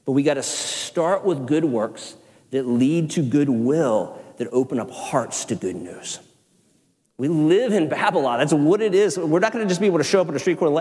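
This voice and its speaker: A man with a Southern accent, a pastor preaching a sermon in an animated, conversational way with self-deprecating asides. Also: fairly high pitch, normal speed. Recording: long hall reverb.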